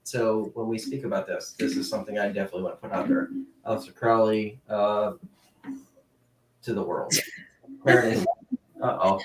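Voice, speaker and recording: A man's voice: lowish voice, level tone, brisk, a little mellow. Man, show host, chatty, joking, distant mic, roomy echo. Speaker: podcast host. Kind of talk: casual chat. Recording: echoey room, distant mic, faint noise.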